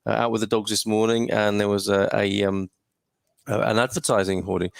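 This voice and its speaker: A British man hosts a casual livestream from his home studio, greeting viewers, reading their comments and chatting with many hesitations. His voice is fairly low, level and creaky, a little fast, with no room sound.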